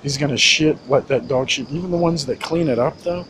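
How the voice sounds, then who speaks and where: A man's voice: on the high side, a little fast. Rambling, cursing man with background noise. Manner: rambling, profane, many restarts and fillers. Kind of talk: casual rambling monologue.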